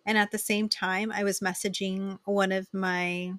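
A woman's voice: medium pitch, little pitch movement, a little slow, fairly bright tone, no room sound. A woman in her thirties hosting a podcast, chatting enthusiastically to her listeners about a trip. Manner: chatty and enthusiastic, addresses listeners as "you guys". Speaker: podcast host. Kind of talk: casual solo podcast recap.

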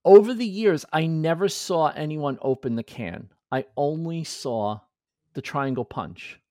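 Forties guy hosting a podcast, animated storyteller doing the voices, bouncy delivery, close dry mic. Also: on the high side, unhurried, no room sound. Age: 40s. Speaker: podcast host. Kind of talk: casual chat.

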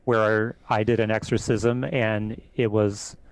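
A man, a priest, calmly recounting events as an interview guest in a measured way. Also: on the low side, no room sound, poor audio. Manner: calm, measured retelling. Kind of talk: interview storytelling.

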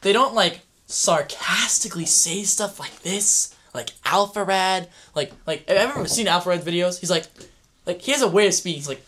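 A young man co-hosting a podcast, goofing around with quick asides and impressions. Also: high voice, animated, pushed and bright. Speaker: podcast co-host. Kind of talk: casual joking chat.

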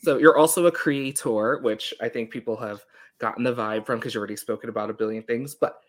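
A woman in her thirties from Long Island hosting an interview podcast, playful and quick to laugh. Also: a bass voice. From Long Island, New York. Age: 30s. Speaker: podcast host. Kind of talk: casual interview chat.

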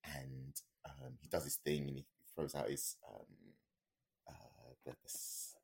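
Deep-voiced man telling a story. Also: steady tone, a little slow, vocal fry, darkish tone. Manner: rambling, many fillers and restarts. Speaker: podcast co-host. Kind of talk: casual storytelling.

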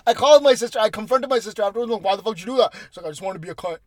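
A young man hosting a casual podcast, telling crude, animated stories among friends. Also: high-pitched, rapid-fire. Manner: crude, animated storytelling with laughs. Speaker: podcast host.

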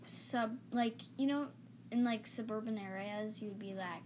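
A young woman co-hosting a casual movie chat, giggly and animated, slipping into quick impressions. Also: on the high side, a little hiss or hum. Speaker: podcast co-host.

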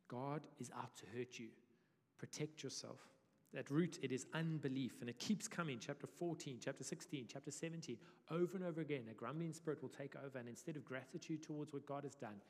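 A male pastor preaching a sermon in a conversational, animated way. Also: medium pitch. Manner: conversational, animated, self-deprecating. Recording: reverberant church hall.

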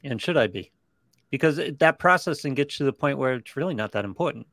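A man's voice: medium pitch, animated, fast talker, fairly bright tone, no echo, clean studio sound. A man co-hosting a live show, laid-back and teasing in casual chat. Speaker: co-host.

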